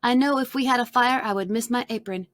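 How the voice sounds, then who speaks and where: A woman reading aloud voicing a gentle, loving mother in a storybook, close to her own voice. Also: fairly high pitch, fast talker, close to an everyday voice. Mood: explaining.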